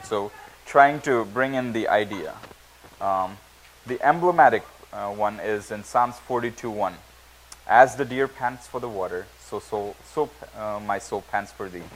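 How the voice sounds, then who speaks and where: A man teaching a Bible study class, reading verses aloud and explaining them, often pausing with fillers and restarting words. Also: lowish voice, a little hiss or hum, low-quality recording. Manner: halting, many fillers and restarts. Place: church classroom.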